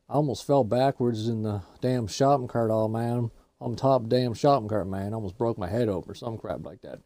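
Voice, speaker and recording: A man's voice: mid-range voice, mellow, no echo, close to an everyday voice. A man voicing a laid-back redneck buddy who rambles and ends every phrase with "man". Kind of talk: gameplay commentary banter.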